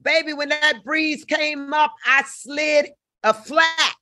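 An older woman telling stories in a loud, animated and very profane casual chat. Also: high-pitched, slow pace.

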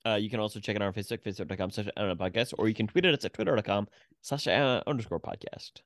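A man's voice: lowish voice, rapid-fire, no room sound, clean studio sound. A man co-hosting a movie podcast who teases and jokes in a casual chat. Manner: teasing, joking. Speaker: podcast co-host.

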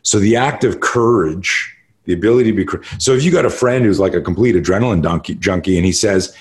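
Low-voiced man telling stories. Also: fast. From Canada. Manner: profane, animated storytelling. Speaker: podcast guest, martial artist. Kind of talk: casual storytelling.

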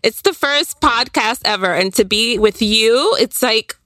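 Animated woman podcast guest, bright, forceful voice, swinging pitch. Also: unhurried, no room sound. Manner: animated, emotional storyteller. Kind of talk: casual podcast interview.

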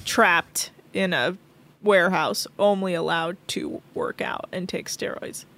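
A woman's voice: on the low side, animated, unhurried, vocal fry, a bit bright. A woman co-hosting a podcast in casual recap chat, chatty, laughing often and saying "like" a lot. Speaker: podcast co-host.

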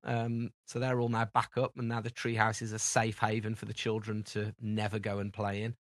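A man's voice: lowish voice, monotone, normal speed, no room sound. Dry-sounding British man telling stories. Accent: British English. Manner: rambling storyteller, acts out dialogue in anecdotes. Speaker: podcast co-host. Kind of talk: casual chat.

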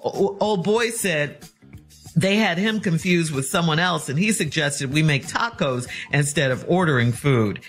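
A woman's voice: low voice, expressive, normal speed, faint music behind. A chatty woman co-host reads a listener's letter aloud. She then gives emphatic, frank advice. She laughs easily as she talks. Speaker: radio co-host.

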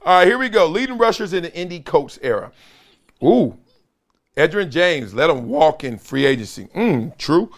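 A man's voice: a little high, sing-song, moderate pace. A middle-aged man hosting a sports talk show, reading viewer comments aloud with playful hype chants and frequent laughter.

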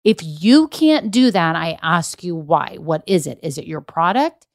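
A woman's voice: sits low, animated, measured pace, no echo, clean studio sound. A woman, talking casually and enthusiastically as a business coach, with many fillers. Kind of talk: casual motivational talk.

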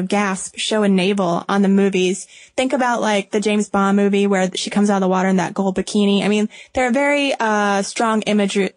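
A woman's voice: medium pitch, no room sound. A young woman co-hosting a podcast in a conversational, playful way. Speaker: podcast co-host. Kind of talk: casual chat.

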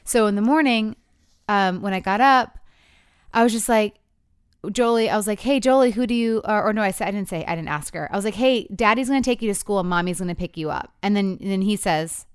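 A woman's voice: medium pitch, brisk, clean tone, dry recording, studio quality. A woman in her thirties telling a couple's story in candid chat, acting out the quotes as she goes. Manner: animated storytelling with voiced quotes.

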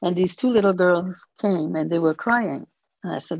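A woman in her eighties, an interview guest telling stories slowly and thoughtfully, laughing softly now and then. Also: on the low side, no echo, lo-fi sound. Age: 80s. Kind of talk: storytelling in conversation.

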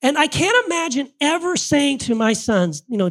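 A woman's voice: high voice, sing-song, moderate pace, few pauses. A woman hosting a podcast, talking earnestly in a casual way, often restarting her sentences, recorded live before an audience. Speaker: podcast host.

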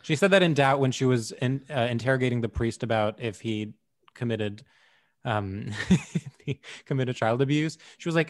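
Man, podcast co-host, casual chat, rambling, jokey, mid-pitched voice. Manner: rambling, jokey, quick to laugh.

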